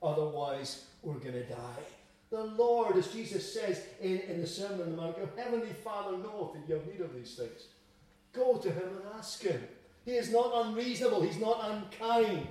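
A man's voice: high voice, moderate pace, a little mellow, heavy reverb, far from the mic, low-quality recording. A man giving a sermon, reading scripture aloud and explaining it in plain words. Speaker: preacher.

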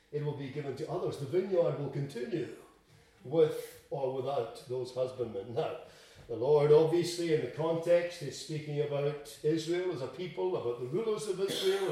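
A man preaching a sermon in a church, emphatic, swinging between loud and quiet to drive home his points. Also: a little high. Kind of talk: expository sermon. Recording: echoey room, distant mic.

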